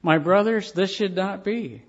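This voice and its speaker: A male pastor delivers a sermon as an earnest storyteller, leaning on slow, weighted phrases. His voice sits a little high for a man. The recording is dull and lo-fi.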